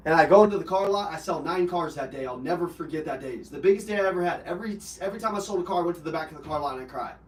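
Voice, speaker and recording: A man's voice: fairly high pitch, rapid-fire, few pauses. A man hosting a live personal development call, telling an emotional personal story bluntly with swearing and fillers. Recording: roomy, from a distance.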